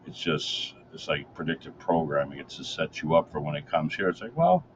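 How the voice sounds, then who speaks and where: A man with an extremely deep voice speaks as a guest on a political talk show. He insists on his points, listing them one by one. Noise sits under the recording. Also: big pitch swings, fairly quick, muffled recording. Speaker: guest commentator.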